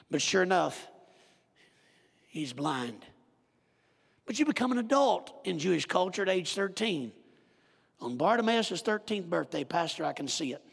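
A man preaching a sermon, telling a Bible story with animated direct address to his congregation in a church. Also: sits high, vocal fry, breathy edge, big-room sound.

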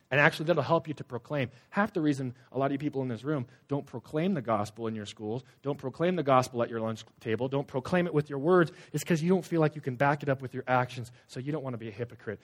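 A young man preaching a sermon to students, animated, swinging between loud emphatic lines and hushed asides. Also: mid-range voice. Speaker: youth pastor.

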